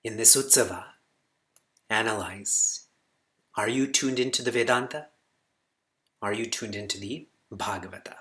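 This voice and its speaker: A man giving a spiritual discourse to students as their teacher, animated and rising sharply on key words, reciting Sanskrit slowly and asking the room short check-in questions. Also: fairly low pitch.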